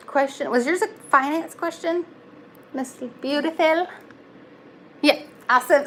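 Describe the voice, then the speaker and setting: A young woman talks through a tarot reading in a loose, chatty way, full of fillers and gentle reassurance. Her voice sits a little on the high side. A faint background hiss runs under her. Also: measured pace, pauses often. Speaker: tarot reader. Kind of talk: casual live tarot reading.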